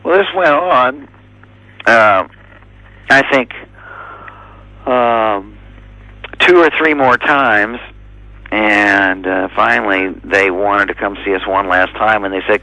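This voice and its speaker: A man being interviewed as a drummer, speaking in an easygoing, halting way with lots of fillers. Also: fairly low pitch, pushed and bright, dry recording, low-quality recording. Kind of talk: casual interview answers.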